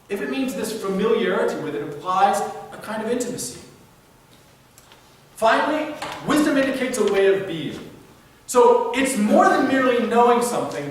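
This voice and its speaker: A man, a philosophy professor, giving a live lecture in a hall and often checking that the audience follows. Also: high-pitched. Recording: echoey hall, distant mic, faint noise.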